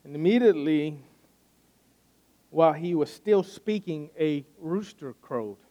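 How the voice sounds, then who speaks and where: A man preaching in a loose, conversational way, his voice sitting a little higher than most men's. He retells a scripture story and keeps doubling back on his words as he talks. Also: unhurried, mellow. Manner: conversational, repeats words when restarting. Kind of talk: sermon storytelling.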